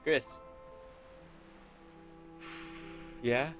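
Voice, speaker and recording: A man streaming a story game, reading its lines aloud in a playful, goofy way and giving the characters voices. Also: very slow. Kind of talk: casual game commentary and dialogue read-aloud. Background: game music.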